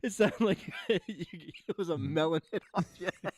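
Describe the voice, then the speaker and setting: A man's voice: high voice, breathy edge, no room sound, clean studio sound. A man co-hosting a casual sports podcast, laughing and swearing as he retells a story. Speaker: podcast co-host. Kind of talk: casual chat.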